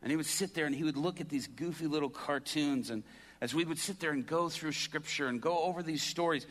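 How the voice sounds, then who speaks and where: A man preaching, retelling a story in a quiet, hushed voice and building to loud, emphatic preaching. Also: a little high, a little fast. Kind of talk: sermon storytelling.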